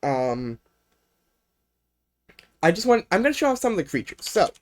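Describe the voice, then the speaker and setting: A man's voice: high voice, very animated, moderate pace, a little mellow. Rambling young man presenting a game. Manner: rambling, unscripted, lots of ums and uhs. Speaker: streamer presenting a video game. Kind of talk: casual livestream presentation.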